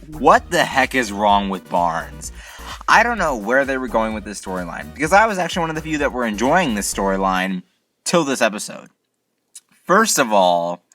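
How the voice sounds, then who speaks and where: A man with a bright, forceful, mid-range voice hosts his own video channel reviewing TV episodes. In a casual rant, he complains with exasperated incredulity, piling on rhetorical questions.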